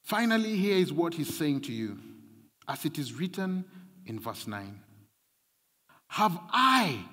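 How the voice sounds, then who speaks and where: A man's voice: fairly high pitch, a bit bright, husky. A man preaching a sermon, emphatic and repetitive, his intensity rising and falling. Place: large church hall. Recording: long hall reverb.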